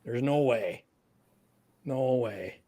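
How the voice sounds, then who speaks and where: A man's voice: medium pitch, extremely slow, warm tone. A man with a Canadian accent hosting a casual livestream chat, playful and laughing as he keeps score. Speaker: podcast host.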